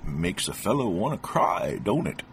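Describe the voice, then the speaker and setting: A plain country villager from a storybook, as a man puts him on, drawling in folksy speech. His voice sits deep and low. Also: very animated, normal speed, a little hiss or hum. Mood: mournful.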